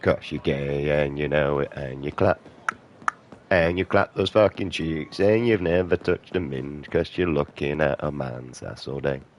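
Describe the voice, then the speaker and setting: A British man in his thirties talks over his video game in a rambling, profane rant. His voice is extremely deep. He sounds combative and jumps from one gripe to the next. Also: unhurried, slight background noise. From Britain. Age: 30s. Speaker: gaming streamer.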